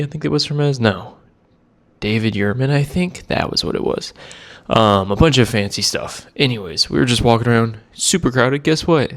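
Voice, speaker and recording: A man in his twenties telling a rambling, laid-back story to camera in a casual vlog, with a self-deprecating manner. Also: on the low side. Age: 20s. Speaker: cigar vlogger.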